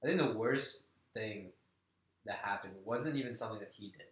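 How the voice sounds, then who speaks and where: A young man casually telling a story in a chat, animated and slangy, swearing freely. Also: lowish voice, normal speed. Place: apartment room. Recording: echoey room.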